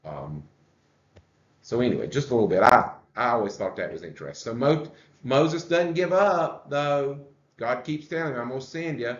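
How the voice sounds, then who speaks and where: A male pastor leading a church Bible study, explaining the text slowly and putting questions to the group. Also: mid-range voice, lively intonation. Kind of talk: conversational Bible study teaching. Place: church room. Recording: echoey room, dull lo-fi sound.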